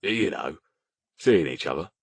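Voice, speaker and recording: Brief: loud, jokey bloke, read by a male narrator, big lively swings. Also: low voice, measured pace, slightly rough, no room sound, heavily acted. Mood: chummy. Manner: boisterous, laughing, gossipy.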